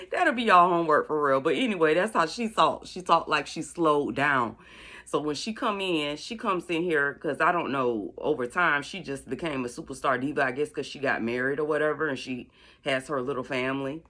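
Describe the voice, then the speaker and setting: A middle-aged woman from Florida, rambling through a casual story as a vlogger, drawing words out slowly for effect. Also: low-pitched, expressive, sharp tone. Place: at home doing makeup.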